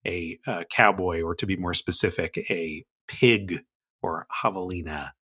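A man's voice: low-pitched, unhurried, sharp tone, husky. A man on a podcast, chatting playfully about cowboy sayings and his actual play show, laughing often. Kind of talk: casual podcast chat.

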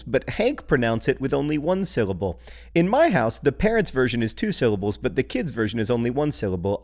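A man with a Midwestern American accent co-hosting a podcast, joking in a playful, deadpan way and laughing easily. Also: mid-range voice. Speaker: podcast co-host. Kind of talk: casual chat.

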